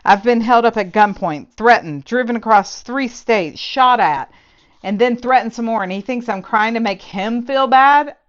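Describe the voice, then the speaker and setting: A woman's voice: fairly high pitch, moderate pace, voice pushed up, lightly acted. Fed-up young heroine ranting in disbelief, read out by a woman, a bit muffled sound. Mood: indignant.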